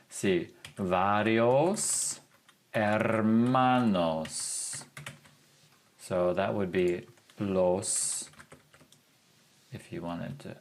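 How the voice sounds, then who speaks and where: A man teaching a language lesson over a screen share, talking in a relaxed, chatty way and thinking aloud with fillers as he goes. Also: lowish voice, gravelly. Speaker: Spanish teacher.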